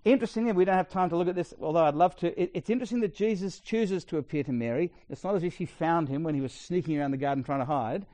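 A middle-aged Australian man preaching a sermon in a chatty, storytelling way with quick asides. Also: fairly high pitch, mellow, no echo.

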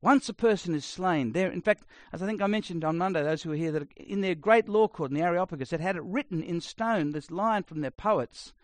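A middle-aged man preaching a sermon, blunt and conversational, swinging between loud emphasis and quiet asides. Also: high voice, a little fast, hardly any pauses, no echo. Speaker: pastor.

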